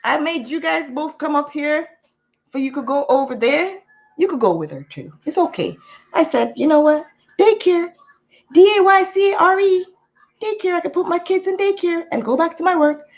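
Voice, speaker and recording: Animated woman venting, lo-fi. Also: high-pitched, moderate pace. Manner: animated, venting, slips into Jamaican patois. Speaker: YouTuber. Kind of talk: candid storytime vlog. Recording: muffled lo-fi sound.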